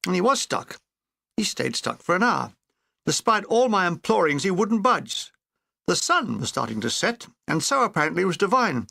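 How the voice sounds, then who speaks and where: Man, comic memoir reading, wry delivery, bright voice, dry close sound. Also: high voice, big pitch swings, moderate pace, vocal fry, dry recording. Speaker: audiobook reader.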